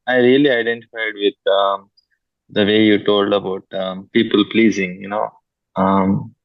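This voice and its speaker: A man's voice: deep voice, no echo. A man attending an online recovery meeting, asking a question hesitantly with many fillers over a video call. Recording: dull lo-fi call audio.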